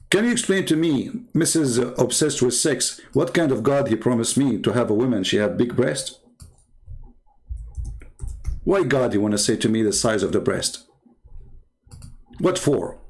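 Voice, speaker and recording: A man with a gravelly, mid-pitched voice gives heated polemical commentary as a channel host. He talks in a combative, mocking tone, firing rhetorical questions in non-native English grammar. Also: darkish tone. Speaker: host of a religious debate channel.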